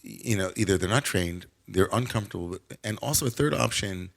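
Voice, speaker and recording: A man's voice: on the low side, lively intonation, a little fast, vocal fry, fairly bright tone. An American man, a rabbi hosting a conversation, muses aloud and hedges with "like" and "you know". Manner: reflective, hedging with "like" and "you know". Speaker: rabbi and host. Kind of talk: conversational interview talk.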